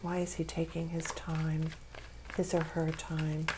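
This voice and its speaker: A woman's voice: low-pitched, completely flat delivery, a little slow, mellow, a little hiss or hum. A woman giving a tarot reading, speaking with spiritual feeling and emotion, close to tears. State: tearful. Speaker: tarot reader.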